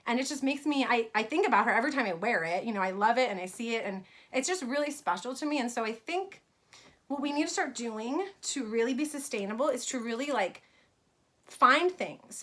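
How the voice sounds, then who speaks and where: Bright, chatty woman vlogger. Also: fairly high pitch. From New York. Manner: chatty, warm, many fillers and "right?". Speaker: fashion brand owner. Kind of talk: casual vlog storytelling.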